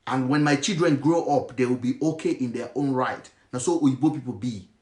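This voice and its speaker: A man's voice: mid-range voice, brisk, a little mellow, roomy sound. A Nigerian man speaking in a passionate monologue, mixing in Pidgin phrases. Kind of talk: impassioned monologue.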